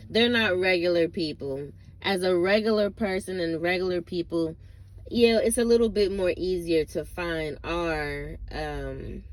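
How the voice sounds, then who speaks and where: A woman vlogger ranting casually to camera, blunt and profane, rambling with lots of fillers and asides. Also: lowish voice.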